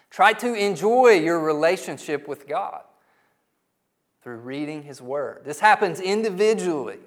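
A man's voice: a little high, a bit bright. A middle-aged man preaching a sermon in church as pastor, emphatic and repetitive, often asking the congregation rhetorical questions. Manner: emphatic, repeats key words, asks the congregation rhetorical questions.

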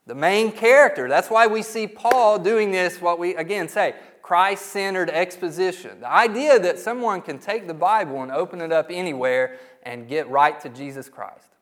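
A middle-aged man preaching a sermon in church as pastor, emphatic and repetitive, often asking the congregation rhetorical questions. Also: fairly high pitch. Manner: emphatic, repeats key words, asks the congregation rhetorical questions.

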